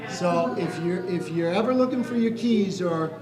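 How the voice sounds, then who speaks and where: A man's voice: high-pitched, normal speed. A man reading a story to children, playfully asking them questions; he hosts a radio morning show. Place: library room. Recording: echoey room with children. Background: crowd of children.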